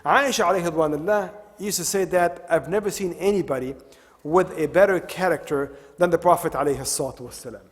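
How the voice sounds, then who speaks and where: A male religious lecturer with a fairly high voice talks fast in an Islamic center hall, where his words ring out with a long reverb. He retells stories, circles back to repeat his key phrases, and mixes in Arabic devotional expressions.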